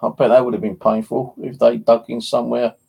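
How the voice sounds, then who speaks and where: A man's voice: medium pitch, flat delivery, a little fast, gravelly, dark tone, breathy edge. An English man chatting casually on a live stream, rambling and joking crudely, with a slight lisp from missing teeth. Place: home.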